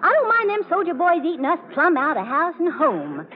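Brief: a high, swooping landlady, old radio drama, tinny sound. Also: wildly swooping pitch, fairly quick, heavily acted. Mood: fussing. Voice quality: folksy, exclaiming. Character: fussy older Southern boarding house landlady. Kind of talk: 1940s radio acting.

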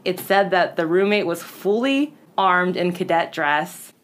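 A chatty woman with a slightly low voice tells ghost stories in casual podcast talk, peppering everything with "like" and slipping into the voices of the people she quotes. A faint hiss of noise sits under her voice. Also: lively intonation, a little slow. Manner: chatty, lots of "like", acts out quoted lines. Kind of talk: casual storytelling chat.

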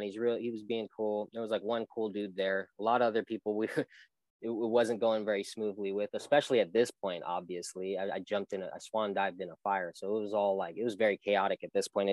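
A man's voice: fairly low pitch, dry recording, poor audio. A young man, a guest on an interview show, telling a personal story in an earnest, rambling way with many restarts. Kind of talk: personal testimony in a casual interview.

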